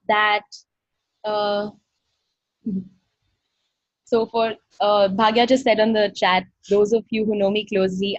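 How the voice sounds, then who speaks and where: A woman's voice: medium pitch, slightly rough, no echo. A woman facilitator giving an effusive, earnest online workshop talk over a video call, often acting out little dialogues. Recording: dull dry video-call audio.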